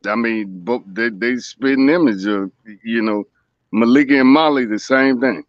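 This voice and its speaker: A man's voice: mid-range voice, moderate pace, dry recording, lo-fi sound. A man from the American South with a Southern accent, chatting casually as a co-host and rambling through fillers and restarts. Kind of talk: casual chat.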